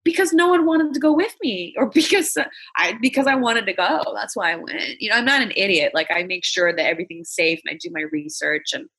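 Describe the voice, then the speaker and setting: Brisk and barely pausing, this woman speaks in a fairly low, husky voice that sounds pushed and bright. A comedian from Los Angeles, USA, she tells blunt, candid, heavily profane stories while chatting casually as an interview guest.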